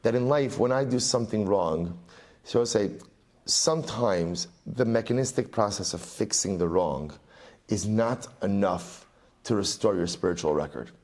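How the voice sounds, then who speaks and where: A middle-aged rabbi delivers an animated Talmud study lecture, repeating phrases for emphasis and weaving in Aramaic and Hebrew. His voice is lowish and his pace moderate.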